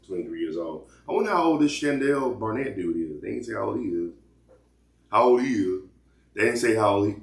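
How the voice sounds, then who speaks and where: A man's voice: sits low, roomy sound. A man hosting casual commentary, talking loosely with lots of restarts. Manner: loose rambling talk with repeated restarts. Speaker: commentary host.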